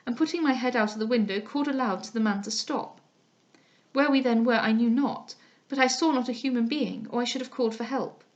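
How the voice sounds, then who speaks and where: A woman narrating a classic novel aloud in a measured, expressive way. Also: on the high side. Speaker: audiobook narrator.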